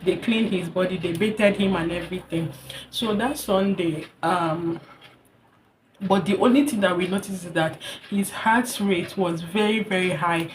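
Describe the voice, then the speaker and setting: A young woman with a Nigerian English accent, telling a personal story in an earnest, heartfelt vlog, repeating herself and pausing with fillers. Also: fairly low pitch, a little hiss or hum. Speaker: vlogger sharing a personal story. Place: hot indoor room.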